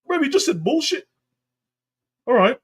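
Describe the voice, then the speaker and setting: A young man giving casual, mocking live reaction commentary, swearing often and quoting lines in put-on high voices. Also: very animated, a little slow. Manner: mocking, profane, jumps into high mimicking voices. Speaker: wrestling reaction host.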